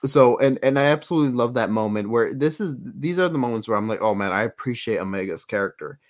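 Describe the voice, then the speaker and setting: A man co-hosting a podcast in casual chat, animated and acting out quotes in voices. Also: mid-range voice, quick pace. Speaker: podcast co-host.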